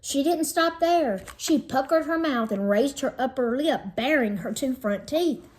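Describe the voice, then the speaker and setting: A woman teacher with a slightly high voice reads a children's chapter book aloud. She tells it gently and without rushing, lingering over each item in a list. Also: animated.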